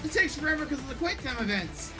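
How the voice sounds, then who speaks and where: A woman streaming a video game, frustrated, swearing and shouting at the game as she plays. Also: high voice, lively intonation, fast. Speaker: gaming streamer. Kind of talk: live gameplay commentary. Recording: game music playing behind.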